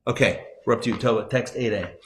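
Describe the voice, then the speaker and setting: A man, a rabbi, teaching a live class, telling stories conversationally with asides and self-corrections, his voice swinging between loud emphasis and soft hushed moments. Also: mid-range voice, fast talker, slight background noise. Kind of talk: live class lecture with storytelling. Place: class room at a community center.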